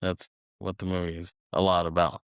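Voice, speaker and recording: A man's voice: deep voice, completely flat delivery, a little fast, clean tone, dry recording, clean studio sound. A man co-hosting a podcast, casually retelling film scenes in a rambling way and laughing now and then. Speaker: podcast co-host.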